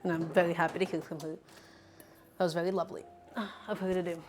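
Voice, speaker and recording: A woman's voice: on the low side, level tone, fast, a little hiss or hum. Upbeat woman chatting through a cooking stream. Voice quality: chatty, upbeat, talks to the chat directly. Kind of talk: casual live cooking chat. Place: home kitchen at the stove.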